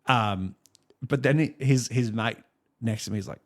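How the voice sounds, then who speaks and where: Australian male podcast co-host, lower voice, loose rambling chatter with laughs. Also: brisk, creaky. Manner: rambling storyteller, many fillers and laughs. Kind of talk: casual chat.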